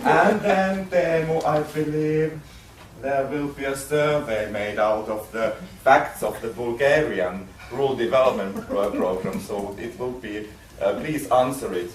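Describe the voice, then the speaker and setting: A man acting in an improvised role play at a meeting, halting and restarting and laughing through his lines. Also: mid-range voice, slight background noise. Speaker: workshop participant in a role play. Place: large meeting room with a live audience. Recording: roomy, distant mic with murmuring audience.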